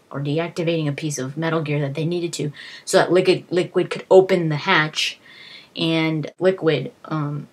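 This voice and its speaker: Chatty young woman, husky voice. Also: low-pitched. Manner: rambling, filler-heavy, with lots of restarts. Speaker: video creator retelling a game plot. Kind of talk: casual plot recap.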